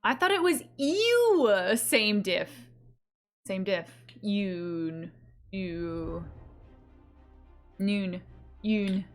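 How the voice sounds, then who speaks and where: A woman's voice: mid-range voice, animated, extremely slow, long pauses, faint music behind. A woman streamer chatting casually with her live chat, giggly and playful as she reads messages aloud.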